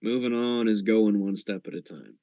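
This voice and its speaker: Low-voiced man role-playing in character, calm and teasing, on a dull close mic. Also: moderate pace, no room sound. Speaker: tabletop game player. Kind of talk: in-character role-play chat.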